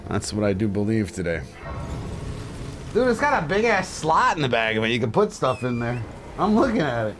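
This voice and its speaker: A man's voice: medium pitch, big pitch swings, moderate pace, music in the background. A man streaming live and chatting casually with his viewers, blunt and crude, joking and ranting. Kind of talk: casual livestream chat.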